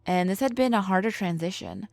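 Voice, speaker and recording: A woman telling a first-person scary story in a measured, scripted narration. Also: mid-range voice, expressive, gravelly, a little mellow, dry recording, soft background music.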